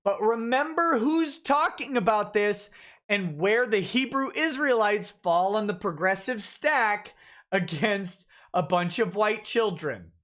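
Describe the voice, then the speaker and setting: A woman's voice: mid-range voice, lively intonation, slow pace, fairly bright tone. A woman hosting a livestream, giving sarcastic, ranting commentary while reading text aloud with asides. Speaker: host.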